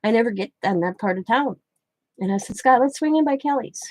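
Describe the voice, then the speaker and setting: A woman's voice: fairly high pitch, animated, fairly quick, darkish tone, dry recording. A middle-aged woman hosting a craft livestream, chatting casually and rambling through anecdotes while she works. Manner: rambling anecdotes, quoting others in her own voice. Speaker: craft channel host.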